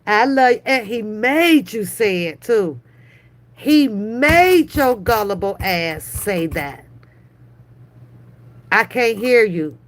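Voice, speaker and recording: A woman hosting a livestream, giving mocking reaction commentary in profane slang, teasing with drawn-out repeats and frequent laughter. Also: mid-range voice, animated. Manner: profane, slangy street talk. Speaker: livestream host.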